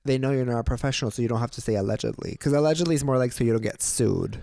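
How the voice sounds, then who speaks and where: A man's voice: mid-range voice, very fast, creaky, dark tone, no echo, studio quality. A man co-hosting a podcast, giving sassy, playfully petty advice in casual chat. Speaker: podcast co-host.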